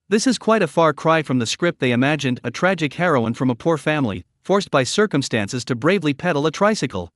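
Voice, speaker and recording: A man narrating a recap story in a steady, scripted storytelling delivery. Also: on the high side, moderate pace, hardly any pauses, no echo, studio quality.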